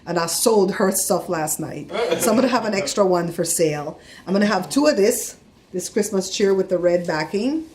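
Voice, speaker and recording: A woman's voice: mid-range voice, normal speed, crowd noise. A middle-aged woman vlogging casually, telling a story with heat and acting out the voices of the people in it. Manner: animated, acts out quoted voices, gets heated.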